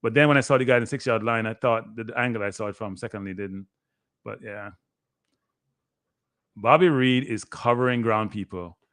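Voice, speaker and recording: A man, a guest analyst giving excitable live play-by-play commentary on a match he is watching. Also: lowish voice, normal speed, pauses often, smooth, no echo. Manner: excitable, play-by-play that bursts into shouting.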